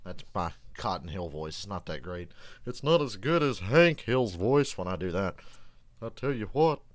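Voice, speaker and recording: A man hosting a live race reaction stream from home, out of breath, chatting casually with jokes, cursing and frequent throat clearing. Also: deep voice, very animated, normal speed.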